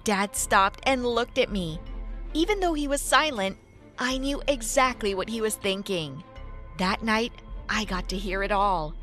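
A woman narrating a first-person story in a lively, animated way. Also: medium pitch, unhurried, faint music behind.

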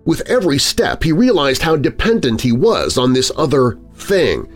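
A man narrating a story in a dramatic audiobook style, expressive and lingering on vivid words, with faint music underneath. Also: mid-range voice, normal speed.

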